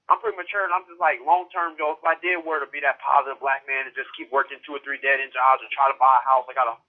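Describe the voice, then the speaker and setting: A man's voice: mid-range voice, steady tone, fast talker. A young man in his twenties calling in to a show, rambling, heated and swearing, upset and close to tears. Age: 20s. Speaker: caller. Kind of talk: emotional call-in rant. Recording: phone-line call.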